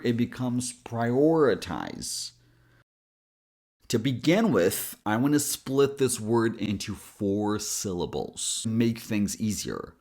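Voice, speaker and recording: Slow, lively-voiced male pronunciation coach. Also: mid-range voice. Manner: slow, drawn-out demonstration of sounds. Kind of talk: pronunciation lesson.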